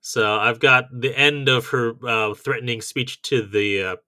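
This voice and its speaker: A male podcast co-host talks in a casual, methodical way, working through a list point by point. His voice has a bright, forceful edge. The sound is dry and close on the podcast mic. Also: medium pitch, a little slow, no room sound. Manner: methodical, reads out lists of tips. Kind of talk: casual chat.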